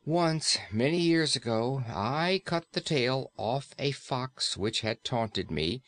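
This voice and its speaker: A man's voice: medium pitch, animated, slow, fairly bright tone. A man voicing a gloomy, surly large ferryman in an audiobook, speaking in a sullen, mournful way.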